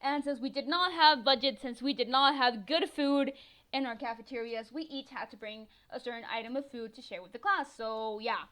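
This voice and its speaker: A teenage girl from northern Mexico, chatty and excitable, telling a story as a gaming voiceover, swearing freely and laughing often. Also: fairly high pitch, normal speed. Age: teens. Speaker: gaming vlogger.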